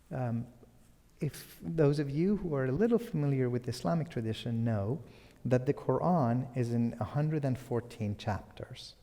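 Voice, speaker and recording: Man, public lecture, slow, warm dark tone, soft delivery trailing to whispers. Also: medium pitch, in a large hall.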